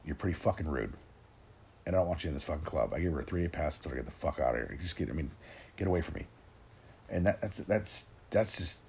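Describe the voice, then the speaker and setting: A man in his forties ranting in a rambling, gruff way, swearing constantly and restarting his sentences as he talks to his listeners. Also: deep voice, a little mellow, slight background noise. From Tennessee, raised in Oregon. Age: 40s. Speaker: rant host. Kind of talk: profane solo rant.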